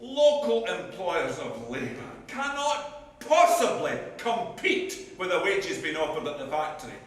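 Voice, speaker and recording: A man's voice: high voice, wildly swooping pitch, unhurried, fairly bright tone, exaggerated voice. A man playing a local businessman giving a formal address to a meeting on a live stage. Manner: formal, speech-making. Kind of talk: live amateur stage acting. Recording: echoey hall recording from far off.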